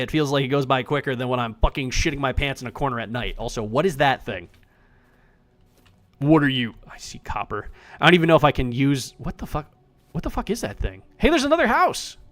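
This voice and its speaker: A man streaming himself playing an indie survival game, chatting casually with animated, profane, self-mocking commentary. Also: mid-range voice.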